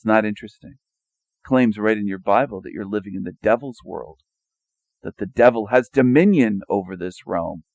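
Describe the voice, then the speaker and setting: Gravelly low-voiced man, sarcastic questioning. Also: moderate pace, darkish tone, no echo. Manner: rhetorical questioning, mocking, repetitive. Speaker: video commentator. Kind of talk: sarcastic monologue over images.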